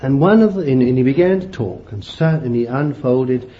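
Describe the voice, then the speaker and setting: A man preaching a sermon, animated and laughing often as he calls his listeners beloved. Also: mid-range voice, normal speed, muffled recording, slight background noise.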